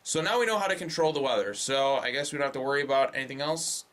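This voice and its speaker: A man's voice: mid-range voice, expressive, fast talker, fairly bright tone. A young man giving a casual movie review, loose and profane, with sarcastic rants. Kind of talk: casual spoken film review.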